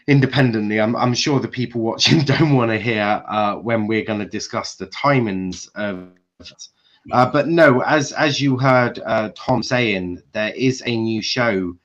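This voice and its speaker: A man's voice: medium pitch, measured pace, muffled recording. A man hosting a casual football match reaction chat, talkative and swearing now and then. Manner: chatty, swearing, mimics frustrated shouting. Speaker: football channel host.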